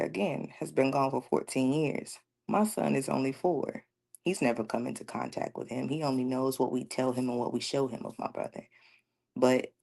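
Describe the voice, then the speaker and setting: A woman with a very low, gravelly voice talks on a radio show. She tells her stories earnestly and breaks into laughter now and then. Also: a little mellow. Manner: earnest, storytelling, laughs often. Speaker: guest speaker. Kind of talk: casual talk radio conversation.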